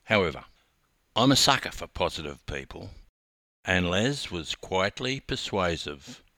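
An older Australian man, a former swim coach, reading his own memoir aloud with wry, animated storytelling. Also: sits low, a little slow, dry recording, studio quality.

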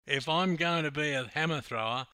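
A man's voice: fairly high pitch, moderate pace, pushed and bright, clean tone, dry recording, studio quality, voice pushed up. An older man with an Australian accent voicing a brash, boastful Australian man who teases people. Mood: cocky. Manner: cocky, boastful, teasing. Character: brash joking Australian man, loud show-off.

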